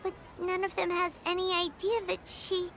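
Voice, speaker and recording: A woman's voice: very high-pitched, completely flat delivery, normal speed, fairly bright tone, a little hiss or hum. A woman voicing a tiny, bubbly, bossy floating companion girl in a video game. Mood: puzzled. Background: game music.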